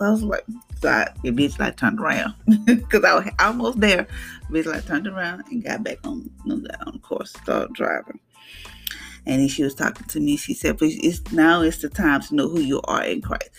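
A woman's voice: low-pitched, lively intonation, normal speed, vocal fry, husky, faint music behind. A woman giving an earnest devotional talk on her podcast, preaching and telling personal stories with quoted dialogue. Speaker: podcast host.

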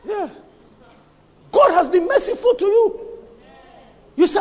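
Man, pastor, very high voice, emphatic call-and-response sermon, long hall reverb. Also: animated, unhurried. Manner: emphatic preaching, quizzing the congregation to finish his lines. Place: church hall.

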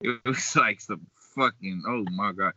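A man from Pittsburgh, a hip-hop artist guest, telling animated, profane stories in a casual podcast chat and laughing often. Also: fairly low pitch, measured pace, a little hiss or hum. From Pittsburgh, Pennsylvania. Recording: dull, dry lo-fi recording.

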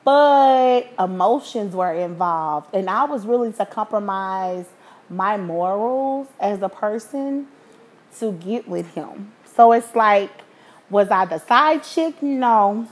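A woman in her thirties talks straight into the mic as a podcast host, swapping between a low, confiding tone and sudden lively bursts. Her talk is frank and profane, the kind of unfiltered storytelling she shares with listeners. Her voice sits at a middling pitch for a woman. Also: slow pace. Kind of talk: candid storytelling.

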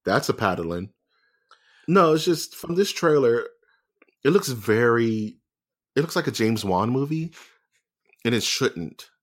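A man co-hosting a podcast in casual chat, animated and joking with quick asides. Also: mid-range voice. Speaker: podcast co-host.

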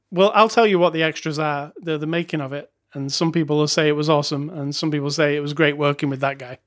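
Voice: mid-range voice, fairly even intonation, fairly quick. A laid-back podcast co-host with a mid-range voice talks through a film in casual chat. The delivery is jokey, with chuckles slipped in between remarks. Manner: jokey, chuckles, reads reviews aloud wryly. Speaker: podcast co-host reviewing films.

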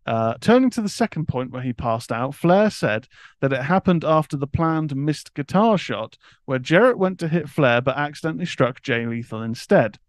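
A man's voice: fairly high pitch, lively intonation, moderate pace, no echo. A man co-hosting a podcast, reading news items aloud and laughing often. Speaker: co-host. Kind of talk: casual chat, reading news.

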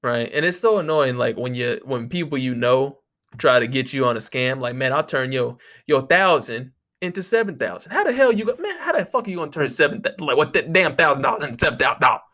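A man's voice: mid-range voice, very animated, fast talker, pushed and bright. A man hosting a podcast, ranting casually in a profane, exasperated way, close to the microphone. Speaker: podcast host.

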